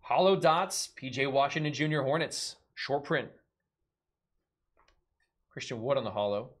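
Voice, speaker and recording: A man's voice: mid-range voice, animated, unhurried. Man joking through a live card break. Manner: joking, rattles off card names.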